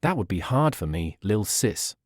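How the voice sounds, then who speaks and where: A man's voice: on the low side, sing-song, moderate pace, no room sound, clean studio sound. A man playing an emotional grown son. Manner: holding back tears.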